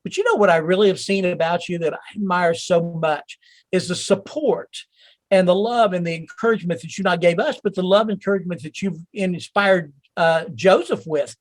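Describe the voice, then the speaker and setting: A man's voice: high voice, fairly quick, dry recording. Encouraging guy hosting a call-in show, rambly, talks to callers by name, dry close sound. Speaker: host.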